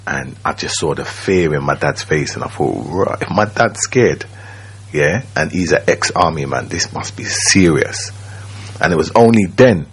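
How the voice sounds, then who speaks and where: A man, telling his own story as a radio guest in a slow, reflective way, often checking that the listener follows. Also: very deep voice, husky. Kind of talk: personal storytelling. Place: radio studio.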